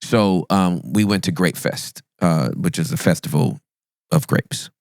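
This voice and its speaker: A man, a pastor and podcast guest, telling a funny story in a playful, self-mocking way and swooping up high for the punchlines. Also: a little slow, no echo, clean studio sound. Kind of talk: animated comic storytelling in a podcast interview.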